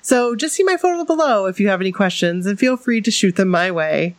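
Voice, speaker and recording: A woman's voice: mid-range voice, lively intonation, a little fast, dry recording. Upbeat new england woman reading fan letters on a podcast, laughs a lot, dry close mic. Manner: enthusiastic, laughs often. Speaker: podcast co-host reading listener stories. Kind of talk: casual chat and reading aloud.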